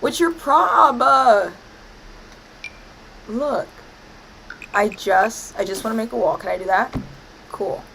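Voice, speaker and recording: A woman's voice: a little high, takes it slowly, vocal fry, long pauses, a bit bright, a little hiss or hum, poor audio. A woman chatting casually over her gameplay, playfully scolding the game with mock-dramatic outbursts. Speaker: gaming streamer.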